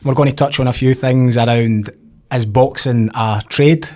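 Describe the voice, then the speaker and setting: A man's voice: medium pitch, fairly even intonation, moderate pace, darkish tone. Scottish man hosting a podcast. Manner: friendly, loose questions with fillers. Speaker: podcast host. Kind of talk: casual interview.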